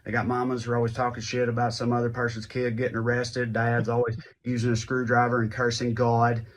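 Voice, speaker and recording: A Southern US man performs a stand-up comedy bit in a sardonic, ranting voice. He mocks as he goes, with a middle-pitched voice. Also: completely flat delivery, a little fast. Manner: sardonic, mocking rant.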